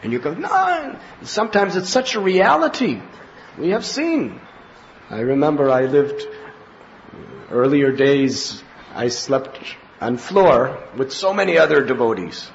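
A man giving a devotional spiritual talk as a teacher, telling anecdotes in an animated way and acting out scenes. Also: medium pitch, unhurried, creaky, a little hiss or hum. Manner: animated storyteller, acts out scenes with laughs and cries. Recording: slightly muffled lo-fi recording with faint ambience.

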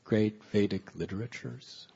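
Slow, gravelly-voiced man telling a sacred story. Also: on the low side, muffled recording. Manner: slow, soft-spoken, drawn-out phrasing. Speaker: spiritual teacher. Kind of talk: devotional storytelling talk.

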